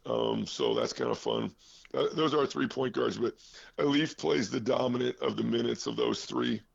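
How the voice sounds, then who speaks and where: A man coaching college basketball talks while out of breath, his voice deeply gravelly and full of fry. He rambles through fillers and restarts and cracks self-deprecating jokes. The sound is dull and lo-fi. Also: very animated, moderate pace. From Iowa, US. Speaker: head basketball coach, guest. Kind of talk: casual phone interview.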